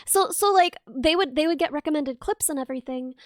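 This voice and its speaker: A woman hosting a casual stream, chatting and teasing her guest with quick deadpan quips. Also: high voice, dry recording, studio quality. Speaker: streamer host.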